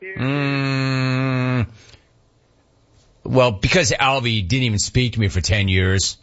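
A man's voice: mid-range voice, fairly even intonation, takes it slowly, a bit bright. A middle-aged man hosting a casual talk show, reading listener messages with playful, wry asides. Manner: wry, playful, jumps between impressions and asides. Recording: dull lo-fi sound.

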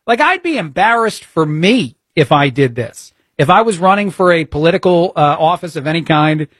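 A man's voice: fairly high pitch, expressive, normal speed, fairly bright tone, dry recording, clean studio sound. A man filling in as a talk show host, giving blunt opinionated commentary peppered with "uh" fillers. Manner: frequent "uh" fillers, exasperated and blunt.

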